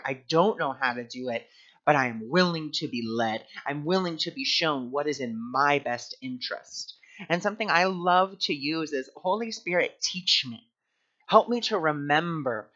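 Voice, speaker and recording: A man's voice: a little high, bright, forceful tone. A man speaking earnestly and candidly in a spiritual teaching monologue. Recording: dull lo-fi sound.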